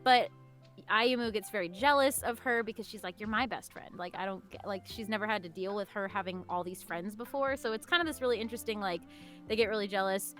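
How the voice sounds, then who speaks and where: A woman's voice: mid-range voice, quick pace, fairly bright tone, soft background music. A woman voice director chatting casually on a panel, bubbly and full of "like" and laughter.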